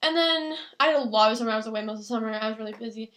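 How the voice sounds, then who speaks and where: Fast-talking young woman telling a story. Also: a little high, a bit bright. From Canada. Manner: chatty storytelling, quoting others. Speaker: podcast co-host. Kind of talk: casual chat.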